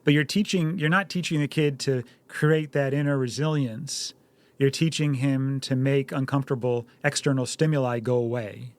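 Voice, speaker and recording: A man's voice: medium pitch, steady tone, moderate pace. A middle-aged man co-hosting a parenting talk, earnest and storytelling, acting out little dialogues. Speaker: podcast co-host, parent.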